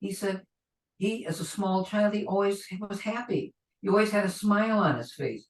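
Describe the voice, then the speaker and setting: A man's voice: high-pitched, moderate pace. A man, an astrologer, giving a conversational webinar lecture that rambles and acts out people's reactions. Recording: echoey room, distant from the mic.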